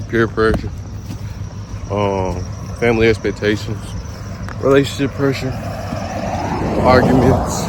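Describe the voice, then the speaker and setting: A young man, out of breath, talking casually to his phone camera while walking outside. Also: mid-range voice. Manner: loose slangy banter, drawn-out greetings. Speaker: vlogger. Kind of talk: casual vlog talk to camera. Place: outdoors walking beside a busy road, windy. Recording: wind and traffic noise outdoors.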